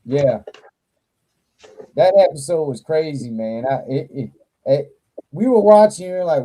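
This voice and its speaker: Man, livestream host, casual chat, profane, laughs often, slow drawl, very dark mellow tone. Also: a little high, animated, rough recording. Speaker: toy channel livestream host.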